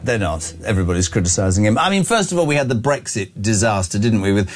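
A man's voice: fairly low pitch, very animated, fast talker, faint music behind. A middle-aged man hosting a breakfast radio show, chatty and opinionated as he reads out listener texts. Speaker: radio host. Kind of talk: breakfast radio talk and text reading.

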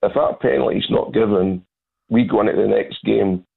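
Male caller, low gravelly husky voice, tinny phone line, aggrieved. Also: normal speed. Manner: aggrieved, insistent. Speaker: caller, football fan. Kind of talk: phone-in call.

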